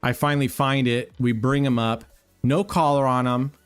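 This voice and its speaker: A man's voice: medium pitch, steady tone, normal speed, smooth, faint music behind. Blunt, foul-mouthed male stream host. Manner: blunt, heavily profane storytelling; rambling, with many fillers and restarts. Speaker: roulette livestream host. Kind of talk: casual live-stream chat.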